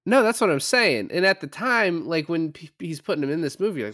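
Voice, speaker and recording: Guy cohosting a movie podcast, animated, swears a lot, laughs, dry close sound. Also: fairly high pitch, moderate pace, no room sound. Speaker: podcast co-host. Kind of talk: casual movie review chat.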